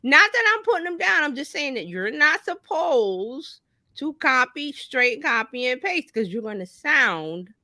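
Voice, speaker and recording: Woman, marketing coach, casual talk-show chat, bright tone, fairly high voice, folksy and lively. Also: unhurried, no room sound. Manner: lively, folksy, acts out little quoted voices.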